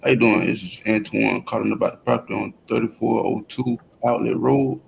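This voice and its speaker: A man's voice: lowish voice, steady tone, brisk, creaky, a little hiss or hum. A man making seller phone calls as a real estate wholesaler, laid-back and plain-spoken. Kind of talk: phone sales call and chat.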